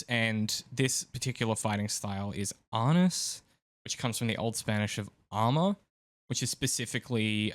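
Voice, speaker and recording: A man's voice: lowish voice, fairly bright tone, no echo. A man hosting a casual film podcast, rambling and thinking aloud with plenty of filler words. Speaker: podcast host.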